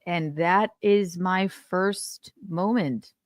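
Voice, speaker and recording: A woman's voice: fairly low pitch, very slow, no echo, clean studio sound. A woman co-hosting a casual comedy podcast, playful and laughing often as she mocks people in exaggerated voices. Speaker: podcast co-host.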